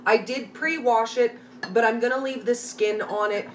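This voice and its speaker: A woman's voice: fairly high pitch, fairly even intonation, moderate pace. A middle-aged Canadian woman hosting a live recipe tutorial from her home kitchen, chatting and greeting viewers by name. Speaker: live cooking host. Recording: slightly distant mic, faint background noise.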